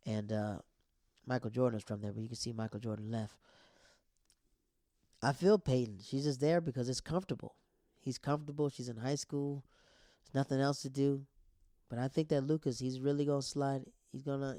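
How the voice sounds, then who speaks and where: A young man hosting a casual TV recap show, excitedly retelling scenes with quoted lines and playful sound effects. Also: mid-range voice, dry recording, clean studio sound.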